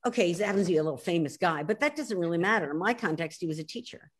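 A Philadelphia woman in her sixties with a Philly accent speaks as an author guest on a video call interview. She is animated and emphatic, often restarting sentences, her voice on the low side and racing.

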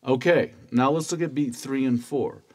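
A man teaching a stringed-instrument lesson, calmly counting beats and chanting strokes. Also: mid-range voice, moderate pace, loud music behind the voice. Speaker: music teacher. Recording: loud instrument playing under voice. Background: cavaquinho playing.

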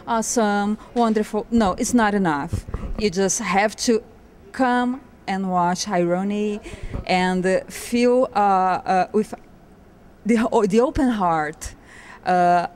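A woman from Brazil, a native Portuguese speaker, giving a nervous, emotional audience testimonial with halting pauses. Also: medium pitch, a little mellow, slight background noise. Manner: halting, nervous, searching for words. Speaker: audience member.

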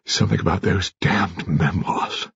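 A man's voice: low voice, a little slow, vocal fry, fairly bright tone, breathy edge, no echo, dull audio, exaggerated voice. A man voicing an imperious, panting old grand lady. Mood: sardonic. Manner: short of breath, panting. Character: imperious stout elderly titled woman, sardonic.

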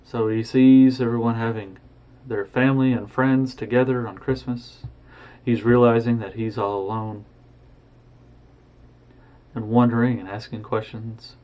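Expressive man retelling a story. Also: medium pitch, a little slow. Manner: lively, expressive, with sound effects. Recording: dull lo-fi recording.

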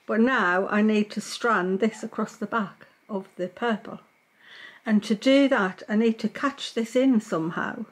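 A woman gives a knitting tutorial, narrating each stitch as she works. Her voice sits in a middle pitch, and she speaks in a calm, patient way. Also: a little slow, poor audio. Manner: calm, patient, talks while working. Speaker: knitting teacher. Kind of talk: step-by-step craft tutorial.

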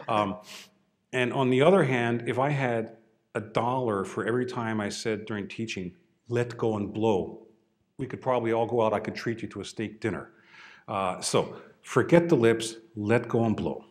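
A man teaching a trombone masterclass, coaching a student with short, encouraging cues and dry humor. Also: lowish voice.

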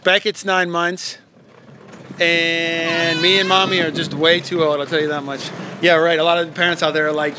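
A man in his thirties, a dad hosting a live family toy stream from home, chatting loosely with his kids and reading viewer comments fast, joking and tripping over his words. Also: fairly high pitch, noisy background. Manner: loose, joking, reads comments quickly and stumbles. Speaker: family channel host, dad. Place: home, indoors.

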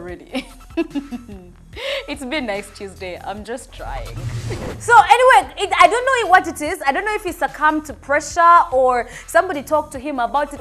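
Ugandan woman, TV gossip host, high voice, chatty, quick to laugh. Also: a bit bright. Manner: chatty, teasing, laughs often. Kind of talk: lively entertainment news chat. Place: TV studio.

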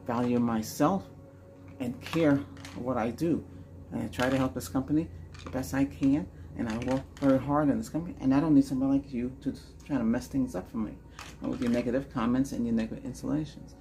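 A man hosting a Reiki healing session, chanting slow, soft repeated lines and then rambling in loose, chatty talk. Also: medium pitch. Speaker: Reiki healer and channel host.

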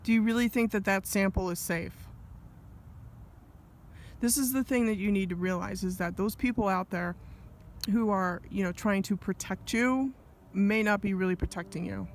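An angry man delivers a rambling solo vlog monologue in a high voice. He keeps breaking off into asides and restarting his sentences. A faint hiss of noise sits under him. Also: normal speed. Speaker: vlogger.

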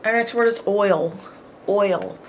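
Slow, deliberate woman teaching phonics. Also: medium pitch, a little hiss or hum. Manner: sounds out words slowly, encouraging. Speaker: homeschool teacher.

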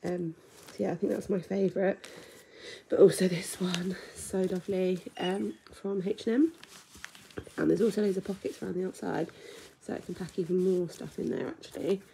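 A young woman chatting casually at home in a vlog, with lots of ums and the odd soft whisper. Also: on the low side, steady tone, moderate pace, vocal fry, a little hiss or hum. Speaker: vlogger. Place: home, indoors.

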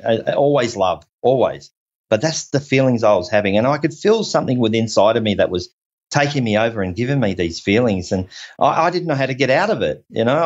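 A man from Australia, a podcast guest telling a personal story in an earnest, rambling way, repeating himself and restarting often. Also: mid-range voice. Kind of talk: personal story told in conversation. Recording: dull lo-fi audio.

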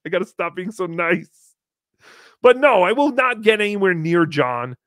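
Male call-in podcast host, fairly high voice, dry close mic, wry and rambling with casual swearing. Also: lively intonation, moderate pace, fairly bright tone, dry recording. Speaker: podcast host taking calls.

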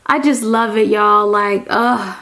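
A woman chatting casually on her home decor vlog, giddy and drawn-out in her emphasis. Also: mid-range voice, steady tone, bright, forceful tone, roomy sound. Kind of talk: casual chat. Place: home living room, indoors.

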